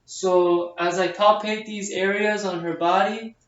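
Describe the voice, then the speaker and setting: A man's voice: high voice, fairly even intonation, unhurried, fairly bright tone. A man, a nursing student, talking through a head-to-toe physical exam step by step, with frequent fillers. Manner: explains each step aloud, with frequent fillers. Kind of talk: narrated physical exam demonstration. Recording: distant, echoey, dull camera audio.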